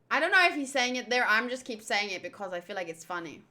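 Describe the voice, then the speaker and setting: Bubbly high-voiced woman reading manga aloud. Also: animated, quick pace, hardly any pauses, bright, forceful tone. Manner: chatty and bubbly, comments as she reads. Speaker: manga readthrough host. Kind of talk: casual manga readthrough.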